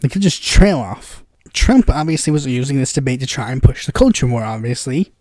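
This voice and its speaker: A man's voice: medium pitch, animated, a little fast, a little mellow, no echo, studio quality. A man hosting a casual political commentary podcast, rambling with lots of fillers and bursts of exasperated impressions.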